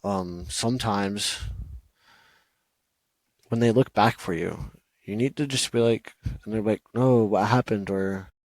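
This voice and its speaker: A man's voice: fairly low pitch, takes it slowly, long pauses, no room sound, low-quality recording. A man hosting a solo podcast, earnestly giving advice on letting go of love, with many "you know" and "okay?" asides. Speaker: podcast host.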